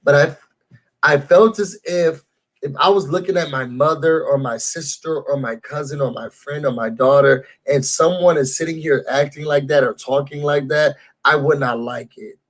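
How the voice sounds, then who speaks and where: A man with a high-pitched voice rants through a reality-show recap. His tone is husky and a little raspy. He talks animatedly and speaks straight to his viewers. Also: normal speed. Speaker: YouTube show reviewer. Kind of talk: casual recap rant.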